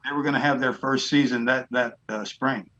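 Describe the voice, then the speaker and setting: A man's voice: mid-range voice, steady tone, fairly quick, bright, forceful tone, dull audio. Blunt plainspoken man telling stories. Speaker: guest. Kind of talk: casual storytelling.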